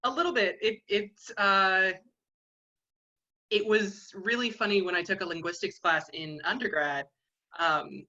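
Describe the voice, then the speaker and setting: A woman's voice: mid-range voice, measured pace, pushed and bright. A woman chatting on a video call, speaking with wry, self-deprecating humor. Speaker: fan and soon-to-be minister. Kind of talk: casual chat. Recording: slightly dull video call audio.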